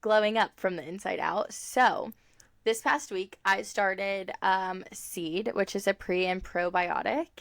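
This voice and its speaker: A woman's voice: mid-range voice, unhurried, vocal fry. Chatty young woman co-hosting a podcast. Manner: chatty, rambling, laughs often, many fillers. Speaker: podcast co-host. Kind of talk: casual chat.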